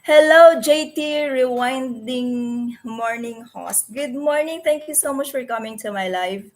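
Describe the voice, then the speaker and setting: A woman's voice: on the high side, a little slow. A woman in her forties with a Filipino accent, whose first language is Tagalog, hosting a casual live stream from her computer. She talks earnestly and often stops to search for words and correct herself. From Philippines. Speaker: livestream host.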